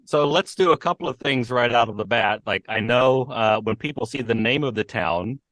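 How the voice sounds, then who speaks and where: A man's voice: mid-range voice, moderate pace, a bit bright, dry recording, rough recording. A man hosting a podcast and interviewing a guest in a friendly, casual way, with frequent fillers.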